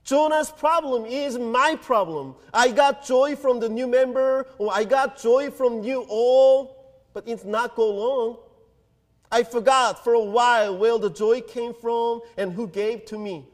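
A man preaching a sermon as pastor, earnest and deliberate, pausing between phrases. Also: very high-pitched. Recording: long hall reverb.

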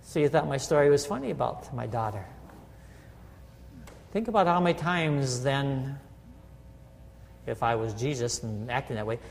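His fairly high voice fills the big room of a church sanctuary as the middle-aged pastor preaches casually, frequently checking in with a "right?"

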